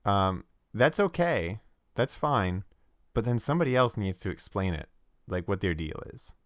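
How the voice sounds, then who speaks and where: Low, smooth-voiced rambling man. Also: sing-song, moderate pace, dry recording, clean studio sound. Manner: rambling, frequent restarts and filler. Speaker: podcast co-host. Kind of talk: casual chat about tabletop games.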